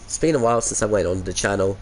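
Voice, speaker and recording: A man's voice: lowish voice, fast talker, a little hiss or hum. An Australian man chatting casually with viewers on a game stream through a headset mic, laid-back and chuckly, calling everyone mate.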